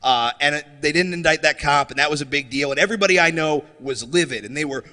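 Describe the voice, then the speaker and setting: A man performing a stand-up comedy set on stage, animated and slipping into mocking character voices. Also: a little high, fairly quick, big-room sound. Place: comedy stage before a live audience.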